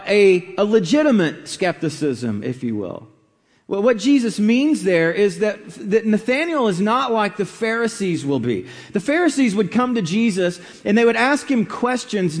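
A man with a high voice preaches in an easy, conversational way, often pausing with fillers and restarting phrases. His voice carries a long reverb, as if recorded in a large hall. The delivery is unhurried and explanatory. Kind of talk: sermon.

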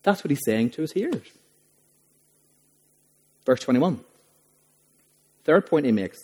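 A man's voice: fairly high pitch, animated, slow pace, darkish tone, husky. A man preaching a sermon as a pastor, emphatic and full of rhetorical questions. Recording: long reverb of a large hall.

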